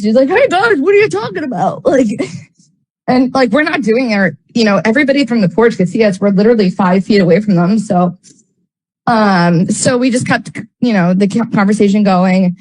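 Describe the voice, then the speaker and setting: A woman's voice: medium pitch, a little mellow, low-quality recording. A woman in casual storytelling, rambling with lots of filler words and blunt, frequent swearing. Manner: rambling, heavy use of "like" fillers.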